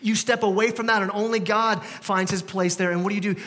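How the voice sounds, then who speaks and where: A man's voice: sits high, fairly even intonation, a little fast, few pauses, a bit bright. A man preaching a sermon as pastor, conversational and emphatic, often repeating words. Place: church. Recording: reverberant church hall.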